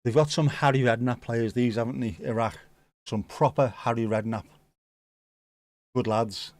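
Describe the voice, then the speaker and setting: A man's voice: mid-range voice, fairly even intonation, normal speed, long pauses, dry recording. A man casually commenting on a football match for a live watchalong, joking and reading out viewer comments. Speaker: watchalong host.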